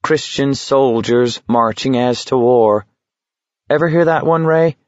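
A man reading a hard-edged teenage boy who talks bluntly and wryly to steady his friend. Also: medium pitch, unhurried, dry recording, dull audio, lightly acted. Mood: coaxing. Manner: blunt, coaxing, sardonic.

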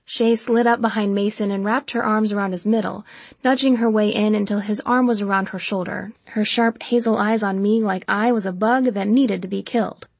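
A woman narrating a first-person novel as an audiobook in a steady, even storytelling manner. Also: mid-range voice, moderate pace, vocal fry, husky, no echo.

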